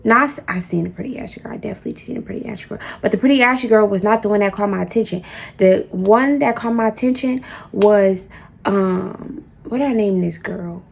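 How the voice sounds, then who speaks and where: A woman's voice: medium pitch, brisk, gravelly, breathy edge. A young woman telling a storytime in a casual, slangy, profane way, acting out the quotes as she goes. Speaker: storyteller vlogger.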